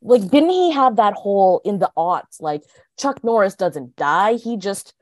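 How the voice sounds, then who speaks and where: A woman guest chats frankly over a video call, her pitch swinging lively up and down. She is opinionated and quick to laugh, and the sound is dry with no room echo. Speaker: podcast guest. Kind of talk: casual chat.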